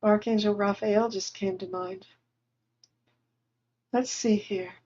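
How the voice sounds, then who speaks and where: Woman medium, gentle and consoling, relaying spirit messages slowly in a warm, soft voice over muffled stream audio. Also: mid-range voice, very animated, creaky. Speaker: spiritual medium hosting a livestream. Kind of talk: channeling spirit messages to viewers. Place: at home.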